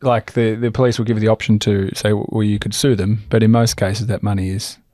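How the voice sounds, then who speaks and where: A man's voice: on the low side, level tone, fairly quick, darkish tone, dry recording. A man co-hosting a finance podcast, explaining things in an easygoing way with dry humour. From Australia. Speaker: podcast co-host, financial planner. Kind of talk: casual chat.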